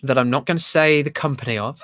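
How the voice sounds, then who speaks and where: A man's voice: mid-range voice, quick pace, a bit bright. A man, a stage actor, chatting casually in an interview, self-deprecating and full of restarts. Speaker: actor guest.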